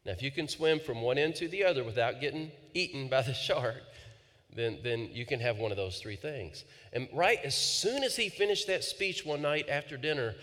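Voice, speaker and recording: A man's voice: a little high, lively intonation, fairly quick. Earnest male preacher in an echoing hall. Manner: earnest storyteller, repeating words, softening into quiet appeals. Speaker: pastor. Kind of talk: sermon. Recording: long reverb in a large hall.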